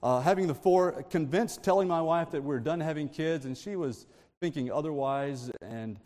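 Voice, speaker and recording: A man's voice: a little high, moderate pace, darkish tone, in a large hall. A man preaching a sermon, telling family stories with frequent laughter and asides to the congregation.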